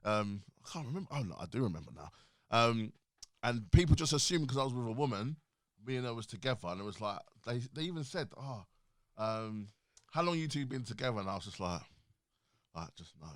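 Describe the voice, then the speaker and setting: A man's voice: mid-range voice, lively intonation, fairly quick, fairly bright tone, no echo. A man hosting a casual chat in a studio, talking animatedly, laughing often and restarting his sentences. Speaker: podcast host.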